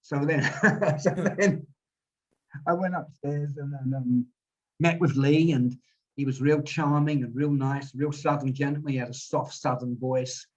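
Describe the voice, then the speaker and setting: A man's voice: on the high side, fairly even intonation, a little slow. A man in his sixties telling rambling stories as an interview guest, often repeating words as he goes. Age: 60s. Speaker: guest musician. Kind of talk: storytelling interview. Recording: dull lo-fi audio.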